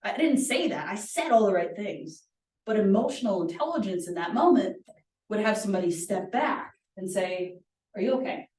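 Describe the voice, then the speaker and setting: A woman's voice: mid-range voice, animated, normal speed, darkish tone. A woman leading a workshop, teaching conversationally with personal stories, earnest and chatty, often asking "right?". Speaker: workshop presenter. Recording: roomy echo, distant mic.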